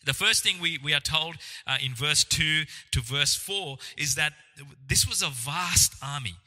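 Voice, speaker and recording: Man, pastor, sermon, earnest reassuring delivery, very bright voice, long hall reverb. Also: a little high, measured pace. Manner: earnest, reassuring, with frequent fillers and restarts.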